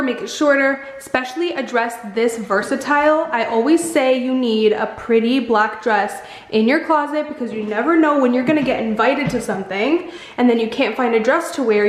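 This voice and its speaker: A woman with a fairly high voice talks through a try-on clothing haul in an eager, casual way, sprinkling in "like" as she goes. Her voice bounces around a roomy space. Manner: chatty, enthusiastic, lots of "like". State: slightly out of breath. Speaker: fashion vlogger. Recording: echoey room.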